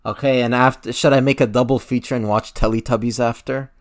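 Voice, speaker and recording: A man's voice: medium pitch, fairly even intonation, fairly quick. A young man hosting a hockey podcast in casual chat, laid-back and hesitant with many fillers. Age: young adult. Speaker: podcast host.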